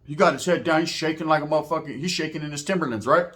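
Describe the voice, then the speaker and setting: A man from Merced telling a story in casual talk, slangy and animated, acting out the people in it. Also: on the high side, rapid-fire. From Merced, California. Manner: slangy, animated, acts out quotes in voices.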